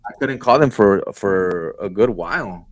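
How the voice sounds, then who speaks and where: A young man telling stories in casual podcast chat, swearing freely and jumping into high voices for the people he quotes. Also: lively intonation, measured pace. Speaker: podcast co-host.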